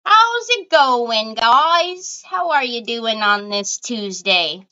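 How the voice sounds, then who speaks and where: A woman's voice: on the high side, lively intonation, slow, pushed and bright, clean tone, muffled recording. A woman hosting a casual craft livestream, chatty and giggly, greeting viewers by name as she talks into her phone at home.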